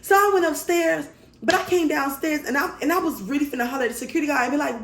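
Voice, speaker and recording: A woman vlogger telling a story in casual storytime style, animated, blunt and profane. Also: sits high, fast talker, roomy sound.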